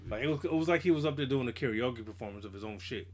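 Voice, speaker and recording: Animated slangy man telling stories. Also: mid-range voice, rapid-fire. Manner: animated storytelling, slangy, acts out quotes. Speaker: podcast co-host. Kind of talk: casual chat.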